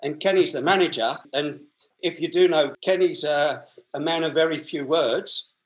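A man's voice: a little high, moderate pace, a little hiss or hum. Chatty Australian man telling stories. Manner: chatty, rambling, laughs while telling stories. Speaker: guest. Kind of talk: anecdotal storytelling.

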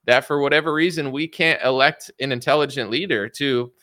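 A man's voice: mid-range voice, fairly quick, pushed and bright, dry recording, clean studio sound. A man commenting in an opinionated, rambling vlog style, often adding filler words and mocking the voices of media and politicians. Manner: rambling, opinionated, frequent "like" and "you know".

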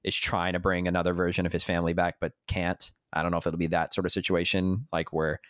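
A man's voice: low-pitched, level tone, fast, a bit bright, no room sound, studio quality. A man co-hosting a casual podcast chat about a TV episode, enthusiastic and checking his notes. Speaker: podcast co-host.

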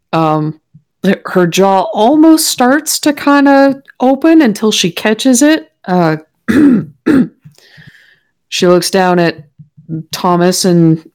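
A woman casually narrating her character's actions in a tabletop game, with many fillers. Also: lowish voice. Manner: casual, relaxed, filler-heavy.

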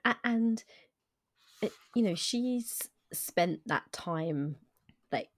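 A woman co-host chats about a novel in a casual, thinking-aloud way. Her voice is a bit low, recorded dry and close. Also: animated, extremely slow, no room sound. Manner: chatty, with restarts. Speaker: podcast co-host. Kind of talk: casual book discussion.

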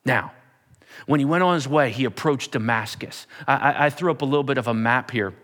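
A man's voice: medium pitch, a little fast, a bit bright, big-room sound. A man preaching a sermon, telling the story with animation and repeating words as he builds. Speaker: pastor.

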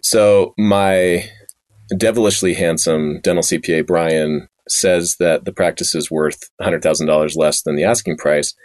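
A man's voice: low voice, steady tone, a little mellow, dry recording, studio quality. A man hosting a podcast interview, upbeat and affirming, recapping what his guest says. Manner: upbeat, affirming, quick to laugh. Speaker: podcast host. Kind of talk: casual interview talk.

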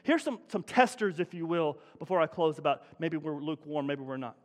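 A man's voice: fairly high pitch, animated, fairly quick, big-room sound. A middle-aged man, a pastor, preaching a sermon in a conversational way that climbs into emphatic bursts, recorded in a church. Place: church sanctuary.

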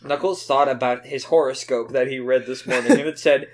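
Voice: mid-range voice, a little fast. A podcast host reading a fanfic aloud for laughs, often breaking into giggles.

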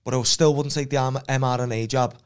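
A man's voice: mid-range voice, steady tone, quick pace, smooth. Guy, blunt, keeps hammering the same point. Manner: blunt and insistent, repeats his points. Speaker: fighter, podcast guest. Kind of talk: casual chat.

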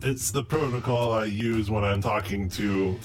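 A man's voice: on the low side, unhurried, faint music behind, lightly acted. A man voicing a snarky, condescending male assassin droid in a tabletop game. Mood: snide. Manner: haughty, disdainful. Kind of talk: tabletop game role-play.

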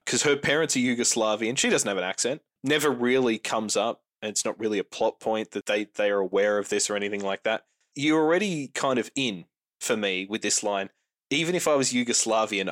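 A man hosting a podcast, recapping a film plot in casual, wry chat. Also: normal speed. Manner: wry, joking recaps with lively pitch. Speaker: podcast host. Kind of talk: casual movie review chat.

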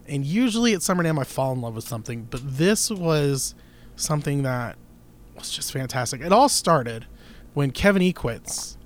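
A man co-hosting a casual guitar podcast, chatty and telling stories with quoted voices. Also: on the high side. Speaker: podcast co-host. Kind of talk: casual chat. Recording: with a faint crackle from his new computer setup.

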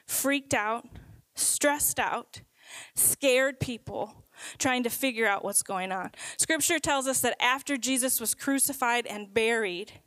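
Slow, high-voiced woman preaching. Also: a bit bright, no room sound, rough recording. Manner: earnest, emphatic, slows for stress. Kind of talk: sermon.

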